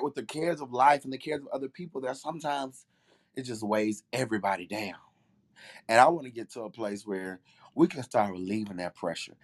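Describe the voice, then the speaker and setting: A man hosting a faith talk show, speaking with emotion and a preacher's repetition. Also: mid-range voice. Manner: emotional, preacherly, repeats phrases for emphasis. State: tearful at times. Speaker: podcast host.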